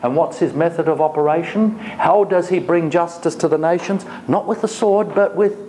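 A man's voice: on the high side, moderate pace, mellow, a little hiss or hum. A man lecturing a college class, asking the students questions and paraphrasing the text for them. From Australia.

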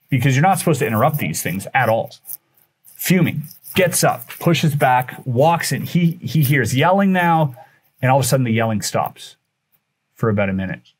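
A man who is a guest on a podcast, telling a story in animated fashion, acting out the dialogue and often restarting his sentences. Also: medium pitch. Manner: acts out dialogue with shifting voices, frequent restarts.

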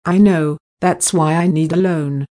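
Mellow woman reading practice dialogue. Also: deep voice, fairly even intonation, a little slow. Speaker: dialogue reader for English practice.

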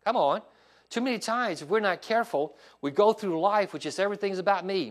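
Pastor, male, high-pitched, lively pulpit delivery, asks congregation for responses. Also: fast. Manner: animated preaching with call-and-response asides. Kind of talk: sermon. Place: church sanctuary.

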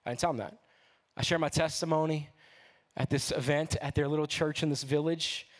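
A young man tells a testimony in a lively, slangy sermon. His voice sits a little high for a man, and he speaks easily, as if talking to friends from the stage. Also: brisk. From New Orleans, USA. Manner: casual, slangy, animated storytelling. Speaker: guest speaker.

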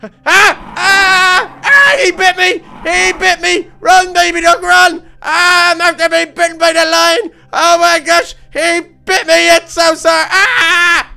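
A man voicing a silly, excitable male baby duck, rambling and talking to himself through a game role-play. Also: sits high, clean tone, heavily acted. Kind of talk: Minecraft role-play narration.

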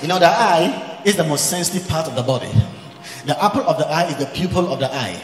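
Male pastor, lively higher voice, fiery sermon with bursts of shouting, recorded in a roomy hall. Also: quick pace, soft background music. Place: large church event hall.

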